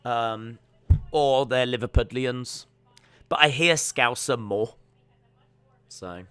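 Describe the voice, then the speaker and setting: A young man hosts a live stream of casual watch-along commentary, chatting with viewers, reading out chat questions, and breaking down fights. He speaks slowly in a mid-range, fairly bright, clean voice and often trails off with fillers. The recording is dry.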